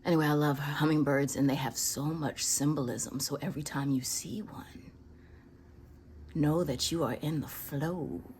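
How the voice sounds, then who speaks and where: A woman chatting casually on her patio as she films hummingbirds. She speaks softly and often drops to a whisper, then breaks into excited bursts. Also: low-pitched, unhurried, slight background noise. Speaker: vlogger. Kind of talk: casual chat, filming birds on her patio. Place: outdoor patio.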